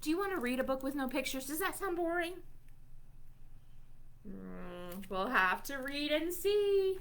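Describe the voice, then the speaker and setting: A woman's voice: sits high, very animated, a little slow, vocal fry, fairly bright tone. A woman librarian reading a silly book aloud to young children, playful, with mock-indignant reactions to the text. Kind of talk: children's storytime read-aloud.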